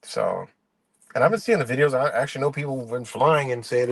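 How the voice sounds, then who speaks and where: A man's voice: medium pitch, huge pitch swings, fast, creaky, dry recording. Profane ranting man, dry close mic. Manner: profane, exasperated, rambling rant with mocking quoted voices. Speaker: livestream host. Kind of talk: ranting live stream monologue.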